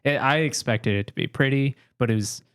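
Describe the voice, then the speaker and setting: A young man chats casually as a podcast co-host, his voice sitting at an ordinary middle pitch. He rambles, stops and restarts, and leans on filler words as he goes. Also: a little fast, a bit bright, clear, resonant tone. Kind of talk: casual chat.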